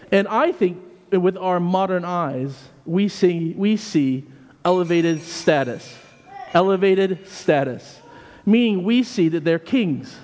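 A man's voice: sits high, a little mellow. A man with an American accent, a vicar giving a conversational sermon with anecdotes. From United States. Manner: conversational storytelling with asides. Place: church. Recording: long reverb of a church.

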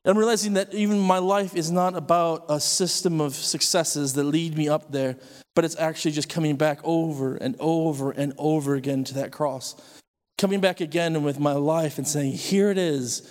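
A man giving a sermon testimony in a slightly high voice, earnest and intense, now and then rising to excited outbursts. His voice rings with the long reverb of a large church hall. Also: moderate pace. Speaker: preacher.

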